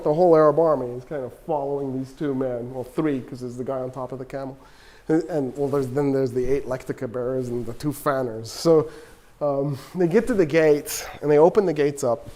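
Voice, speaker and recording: A male political science professor from Texas tells history as a lively story and acts out the characters' dialogue. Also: on the high side. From Texas, USA. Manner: animated, acts out quoted dialogue. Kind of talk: storytelling lecture.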